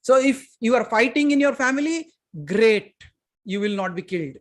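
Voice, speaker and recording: A man with an Indian English accent giving a spiritual satsang talk, emphatic, moving from loud to hushed and putting questions straight to his listeners. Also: very high-pitched, expressive, normal speed. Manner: addresses listeners directly with questions. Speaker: spiritual teacher. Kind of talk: satsang talk to a live audience.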